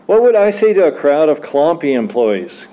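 A man reading his own story aloud at a church literary evening, in a mellow, relaxed voice. His delivery is wry, and he chuckles at his own lines, with a faint hum of the room behind him. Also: a little high, normal speed.

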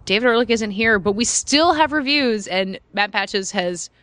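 A woman's voice: medium pitch, expressive, normal speed, a bit bright, dry recording. A woman hosting a movie podcast, opening the show in a wry, upbeat way. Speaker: podcast host. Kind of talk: casual chat.

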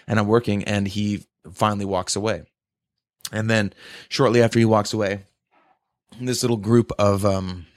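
A podcast co-host with a lowish voice tells a long, profane story in a casual, rambling way, frequently tagging "right?" onto his sentences. The audio is clean studio quality with no room sound.

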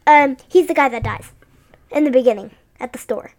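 A woman's voice: high voice, moderate pace, darkish tone. A woman in casual chat, eagerly chiming in with plot details of a horror movie.

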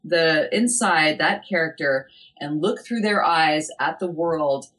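A woman literary agent talking casually in an interview, animated and chatty, with lots of "like" and "I mean" fillers. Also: sits low, slow.

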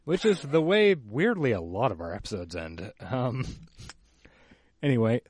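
A man co-hosting a podcast, wry and quick to laugh in casual banter. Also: mid-range voice, big pitch swings, darkish tone, dry recording. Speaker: podcast co-host.

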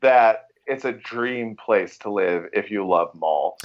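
A man's voice: lowish voice, lively intonation, slow, muffled recording. A man co-hosting a podcast, chatting casually, brash and swearing, calling everyone dude. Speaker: podcast co-host. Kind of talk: casual chat.

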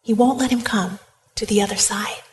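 A woman preacher giving a sermon, retelling a story in a lively way and speaking straight to her listeners. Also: mid-range voice, normal speed, slight background noise. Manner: lively retelling, addresses the congregation directly.

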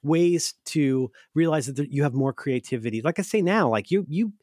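A man's voice: a little high, expressive, normal speed, darkish tone, no room sound, clean studio sound. A man guesting on a podcast, talking in a rambling, self-interrupting way with frequent profanity. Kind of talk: casual podcast chat.

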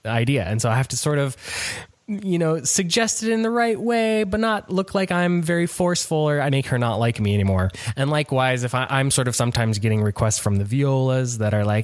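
A man's voice: mid-range voice, fairly quick, no echo. Chatty man with a dry close sound. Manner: rambling, self-interrupting. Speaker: podcast host; orchestral string player, section principal. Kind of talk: casual chat.

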